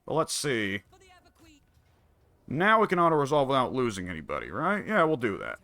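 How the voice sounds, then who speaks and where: Wry, bright-voiced man musing over a game. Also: medium pitch, wildly swooping pitch, normal speed, no room sound. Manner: musing, wry, mutters to himself. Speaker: gameplay commentator. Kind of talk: casual strategy game commentary.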